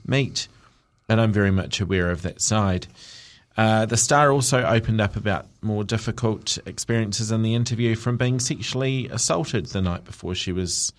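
A man hosting a show, reading celebrity news with chatty asides and jokes, often stumbling over words. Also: on the low side. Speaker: radio host.

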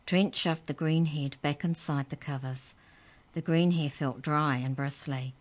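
Slow, low-voiced woman reading a story. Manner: slow, expressive narration. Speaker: children's story reader.

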